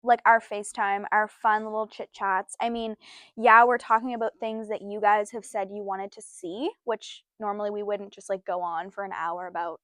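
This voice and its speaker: A young woman co-hosting a casual podcast, animated, laughing often and swearing freely. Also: medium pitch, moderate pace, no echo, studio quality. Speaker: podcast co-host. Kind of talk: casual chat.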